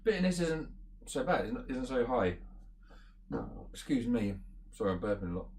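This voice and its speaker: A man giving a casual beer review, talking in a relaxed, rambling way and thinking aloud with fillers as he tastes. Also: mid-range voice, moderate pace, a little hiss or hum. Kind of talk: casual beer tasting chat.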